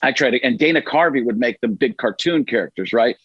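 A man's voice: medium pitch, quick pace, husky, dry recording. A middle-aged man, a guest comedian, chatting animatedly and jokily on a video call. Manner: animated, jokey, slips into voices. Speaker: guest impressionist. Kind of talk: casual interview chat. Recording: dull lo-fi video call audio.

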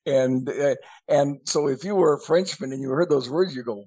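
A man co-hosting a podcast, explaining things slowly in casual, musing chat. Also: medium pitch, warm tone, dry recording, poor audio. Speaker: podcast co-host.

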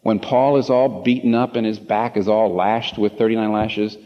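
A man's voice: fairly low pitch, fairly even intonation, moderate pace. Impassioned male preacher in a reverberant hall. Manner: impassioned, building to emphatic rhetorical questions. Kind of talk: sermon. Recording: dull reverberant hall recording.

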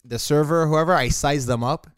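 A man's voice: on the high side, a little fast, smooth, no echo, clean studio sound. A man co-hosting a podcast, laid-back and chatty, laughing often and saying "like" a lot. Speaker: podcast co-host. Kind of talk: casual chat.

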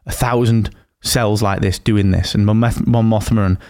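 A man co-hosting a casual podcast, relaxed and rambling, with blunt slang. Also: on the low side, moderate pace. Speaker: podcast co-host. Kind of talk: casual chat.

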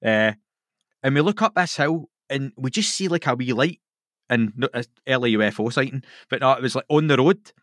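Brief: Glaswegian man, podcast guest, swears freely, animated storyteller, dry close mic. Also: mid-range voice, fairly quick, no room sound. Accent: Scottish, Glaswegian. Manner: sweary, animated, laughs through his stories. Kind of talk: casual storytelling chat.

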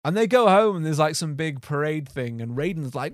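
A man hosts a podcast in a bouncy, animated way, his voice climbing and dipping freely. He sits a little higher than most men. The sound is dry and close. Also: fairly quick, dry recording. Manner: animated, laughing, mimics film voices. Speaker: podcast host. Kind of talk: casual podcast chat.

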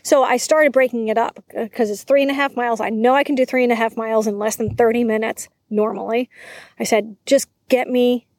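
A woman's voice: fairly high pitch, fairly even intonation, fairly quick, a little mellow, no room sound, studio quality. A woman telling a personal story in a casual interview. She acts out the voices of people she quotes. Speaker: guest.

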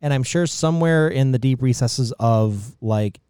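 Man, podcast co-host, mellow dark tone, dry close sound, rambling jokey chat. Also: mid-range voice, normal speed, clean tone, no echo. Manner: rambling, jokey, trailing off mid-sentence. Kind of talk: casual podcast banter.

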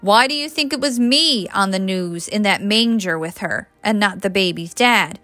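A woman's voice: mid-range voice, moderate pace, bright, forceful tone, no room sound, soft background music, lightly acted. A woman reading the lines of a flustered, defensive young man in a storybook. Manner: sputtering, defensive.

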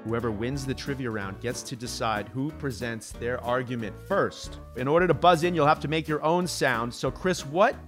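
A man hosting a podcast, quick and playful with mock-stern game-show bits. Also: mid-range voice, soft background music. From New York City. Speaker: podcast host. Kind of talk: casual chat.

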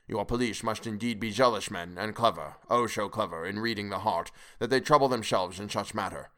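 A wise, patient elderly professor, read by a man, lays out his plan in a deliberate, lecturing way. The voice sits low and unhurried, an audiobook character weighing every word. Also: a bit bright, natural voice. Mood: measured.

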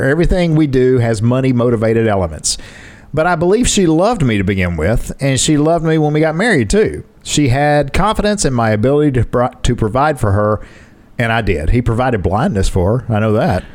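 Man, podcast co-host, casual chat, reads quotes aloud, lively pitch, joking asides. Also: moderate pace.

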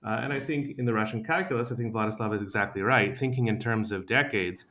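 A man giving analysis as a panel guest, calm and methodical, pausing often with "uh.". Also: fairly low pitch. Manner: calm, analytical, frequent uh pauses. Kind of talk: discussion panel commentary.

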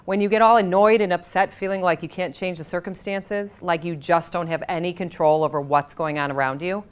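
A woman with a fairly low voice leads a guided tapping session. She speaks calmly and at a measured pace. She guides the listener's breathing with audible sighs.

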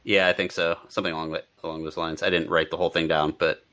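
A man's voice: rumbling low, flat delivery, quick pace, pushed and bright. A man co-hosting a podcast, chatting casually and rambling about a bad movie, laughing often. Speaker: podcast co-host. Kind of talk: casual movie-review chat.

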